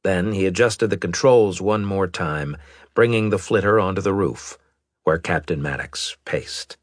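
A man narrating a story in steady scripted storytelling, close to a studio mic. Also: deep voice, a little slow, dry recording. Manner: steady storytelling with expressive character voices. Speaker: audiobook narrator.

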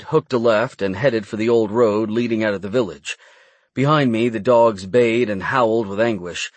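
Man, audiobook narrator, first-person fantasy story, brisk, deep-ish, dry booth sound. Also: dry recording.

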